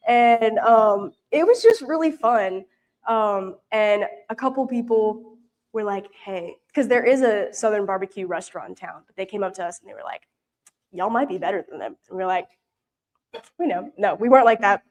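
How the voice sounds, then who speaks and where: A woman's voice: mid-range voice, moderate pace, a little mellow. Young woman from Louisiana, easygoing and talkative, telling stories to a church group with lots of fillers. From Louisiana, US South. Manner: chatty and rambling, many fillers and restarts. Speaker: mission intern giving a report. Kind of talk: casual storytelling talk. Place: church prayer meeting, showing pictures.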